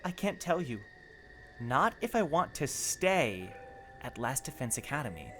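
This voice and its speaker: A man voicing a secretive, earnest teenage girl student, reading game dialogue aloud in a soft, apologetic way. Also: medium pitch, very animated, unhurried, a little hiss or hum.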